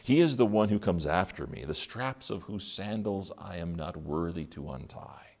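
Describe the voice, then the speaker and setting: Male pastor, deep voice, sermon delivery with pointed questions and long pauses. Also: vocal fry. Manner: dramatic pauses, rhetorical questions. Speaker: preacher.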